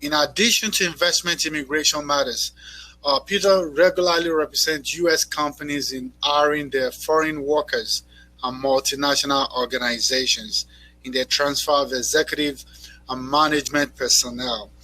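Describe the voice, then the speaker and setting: Bright-voiced man moderating a panel. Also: fairly high pitch, fairly even intonation, poor audio. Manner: halting, many fillers and repeated words. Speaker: panel moderator and expo organizer. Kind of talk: conference panel introduction.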